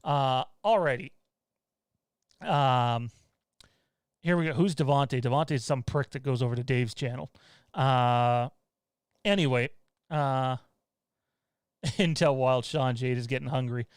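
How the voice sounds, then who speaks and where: A man's voice: mid-range voice, measured pace, pauses often, clean tone, no echo. A man hosting a casual livestream from home, rambling and blunt, turning heated with swearing. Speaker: show host.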